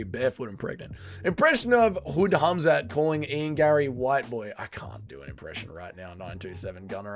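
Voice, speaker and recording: A young man hosting a casual livestream, reading chat aloud, swinging between loud bursts and low mumbles. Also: gravelly.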